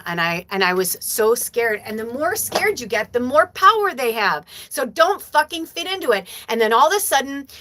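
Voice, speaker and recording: A woman's voice: medium pitch, a bit bright. A woman in her forties telling a story casually to her viewers, chatty and swearing freely with plenty of fillers. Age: 40s. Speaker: spiritual medium hosting a live stream.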